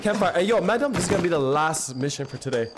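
A hoarse young man streaming a game live, chatting excitably and slangily with his viewers. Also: fairly high pitch, quick pace, over music. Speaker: gaming streamer. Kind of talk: live gameplay commentary. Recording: noisy stream audio with clicks.

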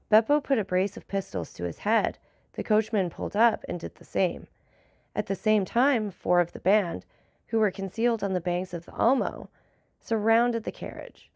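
Woman reading an audiobook, steady and formal, gravelly voice, dry close sound. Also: medium pitch, dry recording. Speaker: narrator. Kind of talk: audiobook narration.

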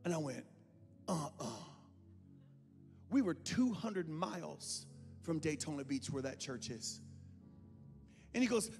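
A man preaching a sermon, telling a story and acting out the voices in it, swinging from hushed tones to shouts. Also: a little high, big pitch swings, slow, long pauses. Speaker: pastor. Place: church sanctuary. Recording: long hall reverb with faint music.

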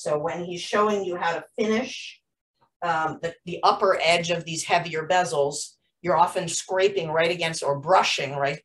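A woman instructor explains techniques in a loose, chatty way, full of ums and restarts. Her voice sits low and comes through a video call a little off-mic. A faint hiss of room noise runs underneath. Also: distant mic, low-quality recording. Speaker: jewelry-making instructor. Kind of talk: live online class instruction.

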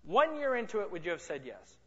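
A sales and marketing speaker with a high, sharp voice talks fast with big pitch swings at a motivational seminar in a large conference room. He jokes and banters with audience members, and the hall recording is muffled and reverberant.

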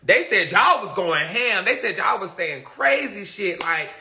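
Sassy male streamer: high, bright, gravelly voice with a slangy, dramatic delivery. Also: unhurried. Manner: animated, dramatic storytelling with lots of laughing; sassy, slangy, talks straight to viewers. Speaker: livestreamer. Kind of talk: casual live-stream chat.

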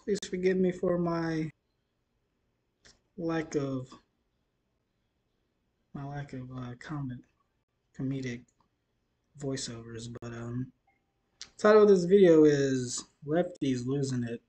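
A tired man hosting a reaction video, talking casually in a rambling, self-deprecating, halting way from a dim room at night. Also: mid-range voice, warm tone.

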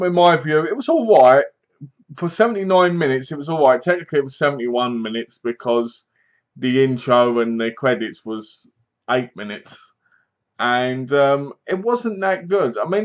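A man's voice: on the high side, highs cut off. A young man rambling through a casual spoken film review, correcting himself as he goes and acting out characters' lines.

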